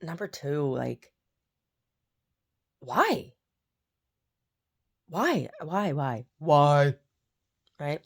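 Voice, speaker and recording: A woman chats casually to camera about her day. Her voice sits low with a gravelly fry, yet her pitch rises and falls in a lively way. She rambles and circles back over her own words. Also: extremely slow, long pauses. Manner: rambling, repeats herself, chatty. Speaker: painter vlogging her day. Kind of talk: casual chat.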